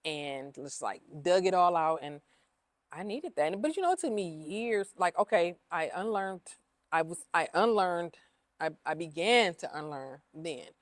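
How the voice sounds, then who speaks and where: A woman's voice: lowish voice, animated, unhurried, dry recording. A woman who owns a cleaning business, talking openly in a casual interview, emotional and repeating herself with lots of fillers. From Ohio.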